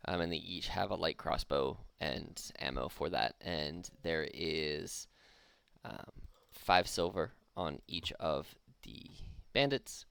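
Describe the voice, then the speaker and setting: A very low, gravelly male game master with a smooth, resonant tone. He narrates a tabletop game in a relaxed, easygoing manner and laughs often. The sound is dry and close. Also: slow, dry recording.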